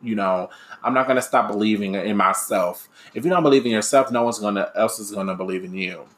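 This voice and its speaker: A man's voice: fairly low pitch, a little fast, fairly bright tone. A young man talking candidly in a personal reflective monologue, rambling with many fillers and restarts. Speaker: aspiring radio DJ and podcaster.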